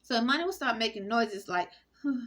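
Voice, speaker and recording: A woman talking straight to camera in a rambling, halting monologue full of fillers and restarts. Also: fairly high pitch, lively intonation, a bit bright. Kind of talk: casual spoken monologue.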